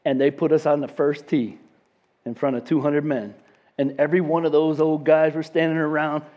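A man's voice: on the high side, little pitch movement, normal speed, dull audio. A man in his fifties telling a long story in a sermon and acting out the people in it.

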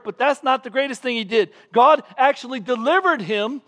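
A man with a high voice preaching a sermon in church. He tells the scenes with drama, gets loud and then drops to a hush, and acts out the voices of the people in the story. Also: moderate pace, hardly any pauses. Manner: animated preaching, acting out scenes with raised voice. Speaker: pastor.

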